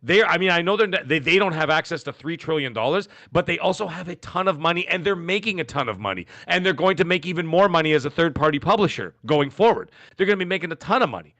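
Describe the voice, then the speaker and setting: A man's voice: fairly high pitch, quick pace, hardly any pauses, no room sound. A man co-hosting a gaming podcast in casual chat, talking emphatically and drifting into tangents. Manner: animated, emphatic, goes off on tangents. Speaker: podcast co-host.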